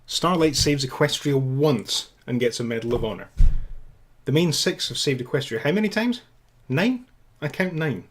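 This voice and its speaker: A man's voice: on the high side, animated, normal speed, slight background noise. A man reacting to a cartoon episode with sarcastic, ranting commentary.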